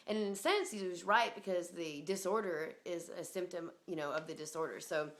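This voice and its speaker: A woman's voice: lowish voice, a little fast, hardly any pauses. A woman telling a personal story in a rambling, casual way, full of fillers, swearing and laughter.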